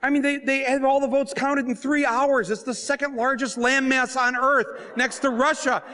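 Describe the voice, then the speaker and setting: A man, an author and filmmaker, telling comic stories to a live audience in an animated, joking way, acting out the scenes. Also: very high-pitched, moderate pace. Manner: animated, joking, acts out scenes and voices, often breaks into laughter. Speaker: author and filmmaker giving a talk. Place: stage at a book fair.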